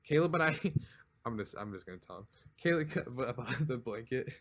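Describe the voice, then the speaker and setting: A man's voice: medium pitch, expressive, normal speed, fairly bright tone. A man co-hosting a casual podcast, telling a long, rambling story with frequent laughs and lots of "like". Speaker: podcast co-host. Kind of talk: casual chat.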